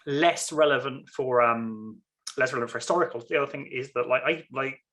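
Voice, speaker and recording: Bright-voiced Englishman, rambling and apologetic. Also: mid-range voice, brisk. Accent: English, near RP. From England. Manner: rambling, self-interrupting, apologetic asides. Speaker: author guest. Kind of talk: casual conversation.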